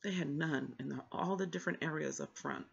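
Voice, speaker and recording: A book vlogger chats casually, rambling through a story about a library trip and acting out what each person said. The voice is mid-range, a little fast, and gravelly with a breathy edge, and the recording sounds muffled.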